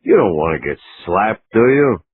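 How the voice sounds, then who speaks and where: A man's voice: sits low, big pitch swings, moderate pace, voice pushed down. A man doing a smug, menacing hijacker. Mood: mocking. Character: big mocking male hijacker. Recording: lo-fi phone-like line, faint hiss.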